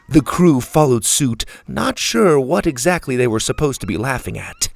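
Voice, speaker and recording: Male narrator for a kids' audio story; unhurried, lively intonation, dry close sound. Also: medium pitch, vocal fry, no room sound. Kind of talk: scripted children's story narration.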